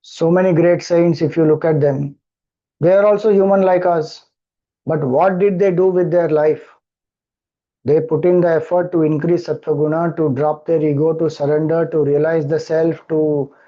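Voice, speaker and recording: A man's voice: fairly high pitch, fairly even intonation, a little slow, mellow, muffled recording. A man with an Indian accent, a spiritual teacher explaining scripture, who keeps repeating verses and asking rhetorical questions. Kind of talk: scripture discourse.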